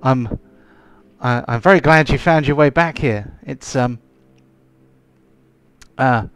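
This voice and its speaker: A man voicing a dwarf nobleman in hiding, speaking plainly with no accent and halting often. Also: mid-range voice, clean tone, dry recording. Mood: earnest. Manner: plain unaccented speech, halting with fillers. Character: dwarf nobleman in hiding, earnest, a hero's brother.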